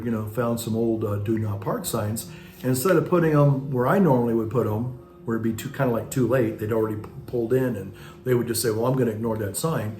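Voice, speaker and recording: A man's voice: medium pitch, darkish tone. Rambling male parish priest, roomy echo. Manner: rambling storytelling with many restarts. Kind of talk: casual reflective monologue. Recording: roomy echo with faint music.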